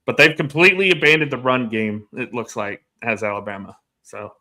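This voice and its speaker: A man co-hosting a watch-along, giving steady casual play-by-play of a football game. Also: mid-range voice, a little fast. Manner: steady play-by-play, agrees with short acknowledgements.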